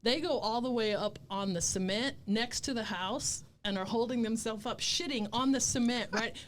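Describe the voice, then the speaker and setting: A woman police officer, appearing as a guest, tells candid stories in a fairly high voice at a moderate pace with hardly any pauses. She talks bluntly, swears freely, and laughs as she goes, with slight background noise.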